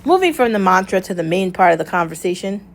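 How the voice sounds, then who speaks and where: Speaking fast in a sing-song, mid-range voice, this podcast host runs her own show with a loose motivational monologue, candid, meandering and full of swearing. There's noise in the background.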